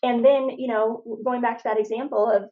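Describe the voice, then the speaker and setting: A woman's voice: on the high side, fairly even intonation, brisk, phone-quality sound. A young adult woman from Arizona, a guest in a casual faith-centered conversation, telling stories in a chatty way full of "like.". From Phoenix, Arizona, USA. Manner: chatty storyteller, lots of "like". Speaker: interview guest.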